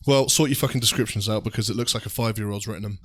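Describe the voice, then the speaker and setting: A man's voice: fairly low pitch, steady tone, rapid-fire, fairly bright tone. A man co-hosting a podcast, teasing his partner in a blunt, sarcastic, casual way. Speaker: co-host.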